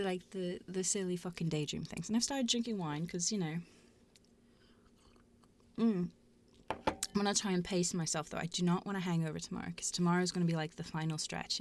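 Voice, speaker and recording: A woman hosts a livestream, chatting casually in a rambling, sweary style and giggling often. Her voice is fairly low in pitch with a darkish tone.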